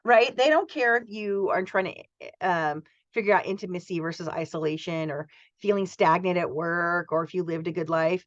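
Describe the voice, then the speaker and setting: A woman's voice: lowish voice, normal speed, no room sound, muffled recording. A woman in her forties from the United States gives a chatty, enthusiastic college lecture and acts out student voices. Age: 40s. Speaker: college instructor. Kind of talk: recorded lecture.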